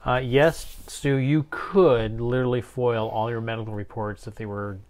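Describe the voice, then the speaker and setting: A man's voice: mid-range voice, normal speed. A man co-hosting a live craft stream, casually reading viewer comments aloud and chiming in with his own remarks. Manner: relaxed, reads comments aloud and chimes in.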